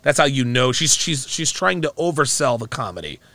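A man's voice: medium pitch, very animated, brisk, bright, forceful tone, no echo. A man giving a mocking, profane, emphatic reaction commentary on a clip he plays.

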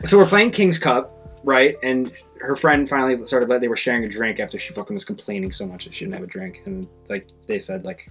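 A man hosting a podcast, telling a story in casual chat, animated, acting out other people's lines and swearing freely. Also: fairly quick, slightly rough, faint music behind. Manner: animated, acts out quoted voices with big pitch jumps. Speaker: podcast host.

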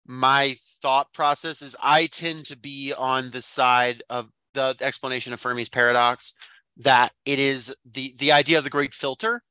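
A man's voice: medium pitch, steady tone, normal speed, bright, forceful tone, smooth, no echo. A man co-hosting a podcast, chatting casually about a book in a thoughtful, rambling way full of fillers and restarts. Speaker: podcast co-host.

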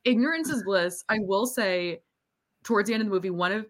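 A woman's voice: mid-range voice, expressive, brisk. A woman co-hosting a podcast, chatting casually about a movie and acting out scenes in a playful way. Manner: playful, acts out scenes in quotes. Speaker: podcast co-host. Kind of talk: casual movie recap chat.

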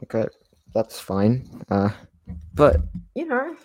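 A man's voice: medium pitch, huge pitch swings, takes it slowly, a little mellow, slight background noise. A man co-hosting a podcast, chatting casually about a film in a laid-back way and often tacking on "dude" and "you know". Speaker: podcast co-host.

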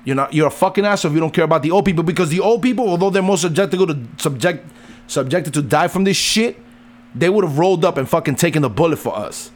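A middle-aged man, a father, ranting heatedly and swearing constantly, his pitch jumping up and down as he lectures. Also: lively intonation, fast talker. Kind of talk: profane rant.

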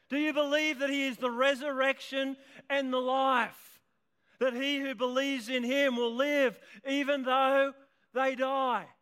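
With a very high-pitched, clear, and resonant voice, a male pastor gives a passionate sermon before a congregation that includes children. He rises to shouting at the most emotional moments.

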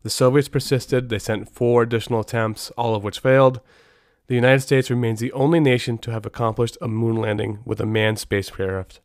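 A man's voice: mid-range voice, steady tone, a little fast, dry recording, clean studio sound. A middle-aged man hosting a podcast, telling stories in a rambling way with many restarts. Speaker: podcast host. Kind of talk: casual podcast storytelling.

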